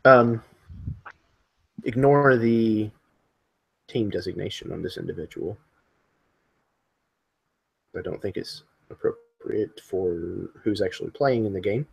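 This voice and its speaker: Slow husky male game master. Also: on the low side. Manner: slow, descriptive, hesitant. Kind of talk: narrating a tabletop horror game.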